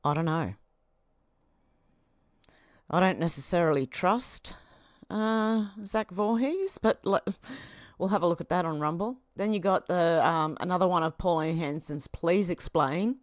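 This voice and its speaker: A woman's voice: fairly low pitch, unhurried, pauses often, no echo, studio quality. A woman with an Australian accent, hosting a livestream with rambling, chatty commentary and frequent laughter. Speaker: livestream host. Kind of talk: casual commentary.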